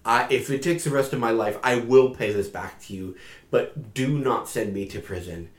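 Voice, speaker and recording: A man's voice: mid-range voice, moderate pace, echoey room, lightly acted. A man voicing a male servant who begs a king urgently to forgive his debt. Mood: begging. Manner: pleading, urgent.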